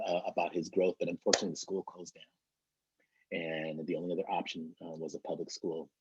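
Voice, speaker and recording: A man's voice: deep voice, darkish tone, slightly rough, no room sound. A middle-aged man, a trainer, telling a motivational story in an earnest way, often repeating and restarting words. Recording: dull, muffled lo-fi recording.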